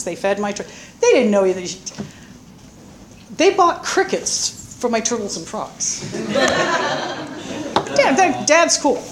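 Woman, meeting-room testimony: candid, rambling, self-deprecating, plenty of restarts; noticeable room noise. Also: mid-range voice. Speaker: member sharing at a recovery meeting.

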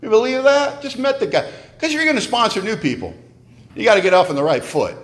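A man sharing his story at a recovery meeting, animated and joking in a wry way. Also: sits high, quick pace.

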